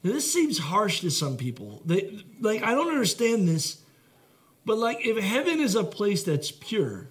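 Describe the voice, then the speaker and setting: A male pastor preaching a sermon in a conversational, earnest way, full of fillers and restarts. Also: very high-pitched. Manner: earnest, heartfelt delivery.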